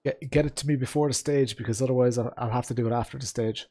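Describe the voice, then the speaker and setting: A man's voice: medium pitch, fairly even intonation, fast, mellow. A man streaming a rally sim, chatting to his viewers in a loose, rambling way. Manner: chatty, rambling, full of fillers and asides to chat. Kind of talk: live-stream gameplay commentary.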